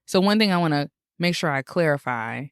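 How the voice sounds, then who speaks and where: A woman with a low, dry-sounding voice co-hosts a casual podcast. She vents in exasperated, animated rants and swears freely. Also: brisk, smooth, dry recording. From Michigan, USA. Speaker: podcast co-host.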